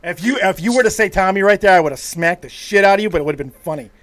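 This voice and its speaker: A man's voice: sits high, expressive, racing. A man hosting a casual podcast, brash and profane, teasing his co-host. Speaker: show host.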